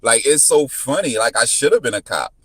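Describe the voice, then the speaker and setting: A man in his thirties telling a story in casual chat, full of restarts, whose pitch jumps up when he quotes people. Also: fairly quick, slightly rough, no echo. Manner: animated, repetitive restarts, jumps into high pitch when quoting. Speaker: podcast guest.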